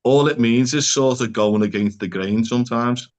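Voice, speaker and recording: A man's voice: mid-range voice, moderate pace. Rambling Scouse man, casual chat. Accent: Liverpool (Scouse). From Liverpool, England. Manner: rambling, peppers speech with "like" and swearing. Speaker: psychotherapist guest. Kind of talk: casual podcast conversation.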